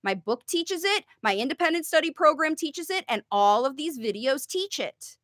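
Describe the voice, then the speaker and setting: A woman's voice: high-pitched, sing-song, normal speed, fairly bright tone, dry recording, clean studio sound. A woman coaching parents on how to help their child learn to talk, teaching emphatically and answering viewer questions. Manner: emphatic, demonstrates sing-song parent talk. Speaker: parent coach, speech facilitation.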